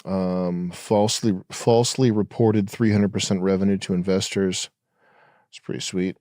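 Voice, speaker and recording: Blunt, low-voiced man. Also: flat delivery, normal speed, warm tone, no room sound, studio quality. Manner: blunt, profane, reads headlines aloud. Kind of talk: casual chat.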